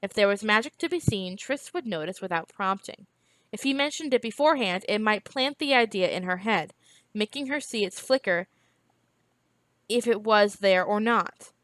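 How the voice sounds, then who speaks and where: A woman reading a novel aloud in a steady, even storytelling manner. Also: mid-range voice, normal speed, no room sound. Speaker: reader.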